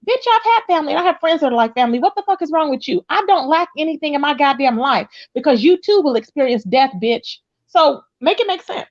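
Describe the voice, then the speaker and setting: Brash, profane high-voiced woman. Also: expressive, quick pace, dull audio. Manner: loud, brash and profane, swings up high when outraged. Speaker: livestream host. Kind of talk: casual profane gossip chat.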